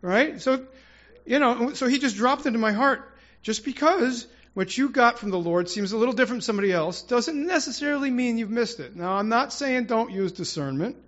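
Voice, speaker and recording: High-voiced man giving a rambling sermon. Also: animated, a little fast, hardly any pauses, fairly bright tone, muffled recording. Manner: rambling, with restarts and prayerful asides. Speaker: church speaker. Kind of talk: informal sermon.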